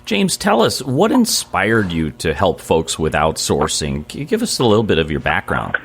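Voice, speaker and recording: A man hosting an interview, asking the guest lively questions. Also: low-pitched, moderate pace. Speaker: podcast host. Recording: noisy, distant line.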